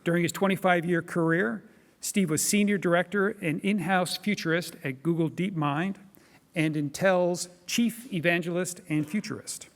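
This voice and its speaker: A man hosting a conference who reads out a measured introduction of the keynote speaker. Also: high voice, fairly even intonation. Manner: measured, reading from notes. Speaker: event host introducing the keynote. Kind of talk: read introduction. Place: large conference hall. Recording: hall reverb.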